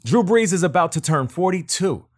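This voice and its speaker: A man's voice: sits high, expressive, normal speed. A man interviewing football players, reading prepared questions.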